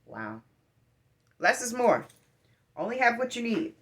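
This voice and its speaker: A woman's voice: on the high side, big pitch swings, measured pace. A woman talking to her viewers in a casual monologue, giving earnest, encouraging advice in a rambling way with many fillers. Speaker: vlogger giving life advice.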